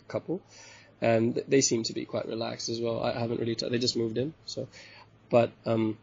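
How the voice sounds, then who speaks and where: A relaxed man from Bali chats loosely as an interview guest, his voice gravelly and a little husky, chuckling between thoughts. The recording sounds dull and lo-fi. He wanders through his sentences with plenty of fillers. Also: medium pitch, normal speed. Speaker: hostel owner and interview guest. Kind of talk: casual chat interview.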